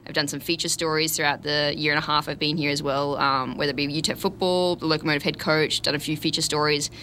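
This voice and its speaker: A woman's voice: low voice, steady tone, bright, forceful tone, slight background noise. A young Australian woman with a slight American twang, a sports reporter guesting on a radio show, bubbly and enthusiastic. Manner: bubbly, enthusiastic, quick storyteller. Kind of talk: casual radio interview. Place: radio studio.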